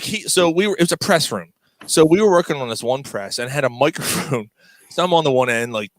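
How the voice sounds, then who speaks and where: A man's voice: mid-range voice, no room sound. A man telling a rowdy story to friends, cursing and laughing often. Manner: profane, laughing, animated, acts out voices in quotes. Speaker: podcast co-host.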